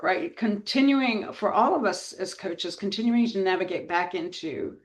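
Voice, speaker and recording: A woman hosting a coaching group on a video call, effusive and quick to laugh. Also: mid-range voice, animated. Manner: warm, effusive, laughs often.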